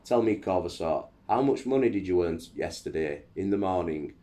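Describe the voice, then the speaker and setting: A man with a low voice reading the lines of a jovial, mocking male emperor in a read-aloud history passage, his pitch slightly raised. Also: lively intonation, normal speed, dark tone. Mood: teasing.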